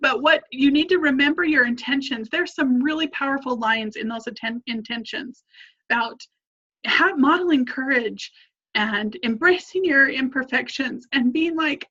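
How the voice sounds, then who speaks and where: Earnest high-voiced woman coach. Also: moderate pace, pushed and bright, dull audio. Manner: earnest, encouraging, repeats points for emphasis. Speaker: family coach and mentor. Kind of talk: coaching lesson to a group.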